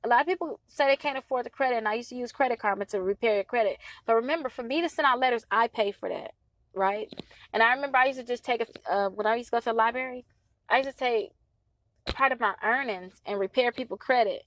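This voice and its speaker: A woman's voice: a little high, fast talker, fairly bright tone, a little hiss or hum. A woman in her thirties coaching on credit repair in a casual, chatty talk to her followers, pleading and emphatic. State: stuffy nose from allergies.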